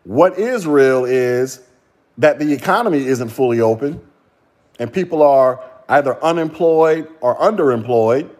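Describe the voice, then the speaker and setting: A man's voice: mid-range voice, animated, unhurried, a little mellow. A man hosting a solo podcast rant, mocking and profane, laughing and firing rhetorical questions. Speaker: podcast host.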